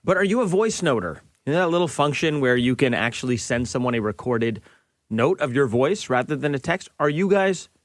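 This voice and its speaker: A man's voice: mid-range voice, lively intonation, a little fast, no echo, clean studio sound. A man co-hosting a casual podcast chat who teases and jokes with his co-host. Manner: teasing, jokey.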